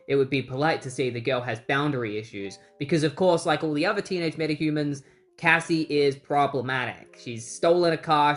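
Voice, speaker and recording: A comic book reviewer giving a casual recap with snarky, wry asides. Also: medium pitch.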